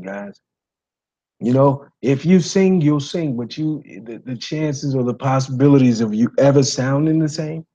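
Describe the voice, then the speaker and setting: A man with a raspy voice giving a casual singing lesson to viewers, rambling, repeating himself and saying "you know" and "guys" often. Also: medium pitch, dark tone, dull audio. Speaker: singing coach.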